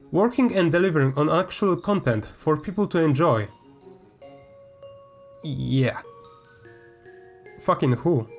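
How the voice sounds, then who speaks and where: A man, a gaming YouTuber, reads a statement aloud and breaks into heated, swearing commentary. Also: a little high. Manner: heated, swearing, flares up loudly. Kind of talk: reading aloud and ranting commentary.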